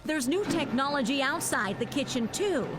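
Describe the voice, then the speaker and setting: A woman TV news reporter delivering a report in a crisp, upbeat way. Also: high-pitched, animated, moderate pace. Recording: ambient noise on location.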